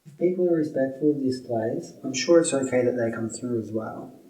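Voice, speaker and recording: Man, paranormal investigator, calm courteous questions, mellow dark voice, distant from the mic. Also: medium pitch, a little fast. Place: old stone jail building. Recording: echoey room, off-mic.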